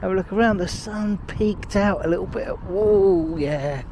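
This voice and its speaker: A man's voice: sits high, unhurried, noisy background. A middle-aged man narrating a casual travel vlog in a chatty, joking way. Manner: chatty, jokey, talks playfully to his dogs. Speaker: vlogger.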